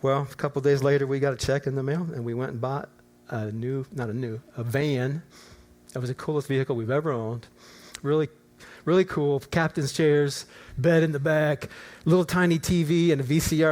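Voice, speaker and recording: An older man preaches with a high, bright-sitting voice. He tells a personal story from the pulpit, dropping low for asides and climbing to fervent near-shouts. His delivery is animated and conversational. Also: brisk. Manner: animated, rising to near-shouts in acted prayers. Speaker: pastor. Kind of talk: storytelling sermon. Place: church auditorium.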